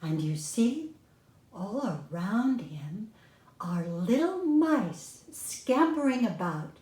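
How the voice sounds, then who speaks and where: An older woman reading a children's story aloud in a gentle, expressive way. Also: mid-range voice, slow pace. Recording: echoey room.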